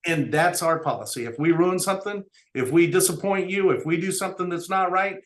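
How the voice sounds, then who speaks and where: A man's voice: sits high, brisk, fairly bright tone. A middle-aged businessman telling stories as an interview guest, earnestly quoting dialogue. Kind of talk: storytelling interview talk.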